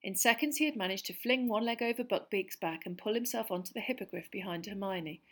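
A woman narrating a storybook in a steady, measured reading voice. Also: medium pitch. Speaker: audiobook narrator.

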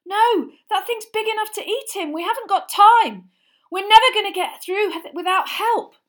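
A woman gives voice to a determined teenage schoolboy wizard in a storybook reading, with a bright, clear tone. He sounds urgent and clipped, then grim and quiet. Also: extremely high pitch, normal speed, voice pushed up. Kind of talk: audiobook character reading.

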